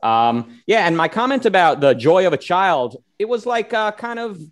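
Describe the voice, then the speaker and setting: A man hosting a casual panel talk, animated and rambling with many fillers, reading out viewer comments. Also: high voice, moderate pace. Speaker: host.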